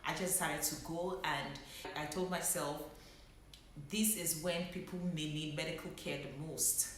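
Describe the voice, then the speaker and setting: Low-voiced woman in an echoey room. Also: steady tone, unhurried, slight background noise. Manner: reflective, holding back emotion. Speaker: medical doctor. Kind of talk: personal vlog storytelling.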